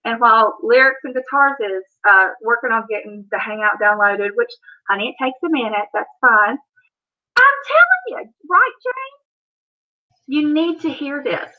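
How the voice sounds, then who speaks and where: A woman's voice: fairly high pitch, normal speed. A woman with a Southern accent hosting a casual livestream, chatty and rambling, talking to viewers by name. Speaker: livestream host. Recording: dull lo-fi stream audio.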